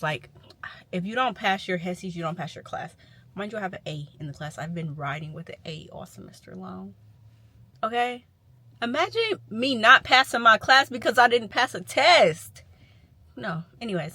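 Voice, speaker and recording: A young adult woman who works as a licensed vocational nurse, chatting casually to camera in a vlog and retelling her day in animated, quick bursts. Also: fairly low pitch.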